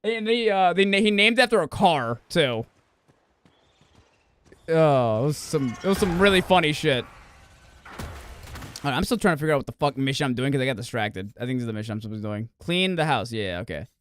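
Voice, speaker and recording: A man's voice: fairly high pitch, animated, fairly quick, long pauses, a bit bright, slight background noise. A man streaming a game, chatting casually and profanely with friends, rambling and correcting himself as he goes. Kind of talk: casual gaming stream chat.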